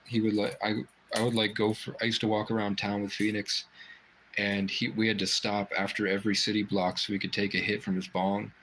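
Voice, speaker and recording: A man's voice: on the low side, level tone, a little fast, fairly bright tone, a little hiss or hum, rough recording. A man hosting a casual livestream from a private room indoors, rambling and swearing freely as he chats. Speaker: livestream host.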